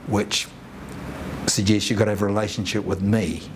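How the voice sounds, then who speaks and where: A man's voice: on the low side, level tone, moderate pace, noisy background. A New Zealand man speaking reflectively on Maori values, who often acts out both sides of a conversation. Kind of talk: reflective talk with acted dialogue.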